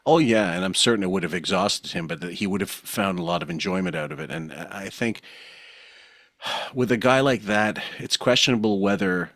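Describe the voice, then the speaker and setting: Deep-voiced man in wry podcast chat. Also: moderate pace, a bit bright, no room sound, clean studio sound. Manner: wry, opinionated, laughs often. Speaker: podcast host. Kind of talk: casual podcast commentary.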